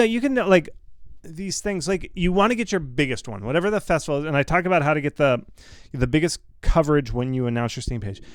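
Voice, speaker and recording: A man hosts a casual live question-and-answer session, speaking with a smooth, resonant voice on a dry, close mic. He is blunt and reassuring, repeats himself for emphasis and throws in quick asides. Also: a little high, no room sound. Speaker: host answering viewer questions.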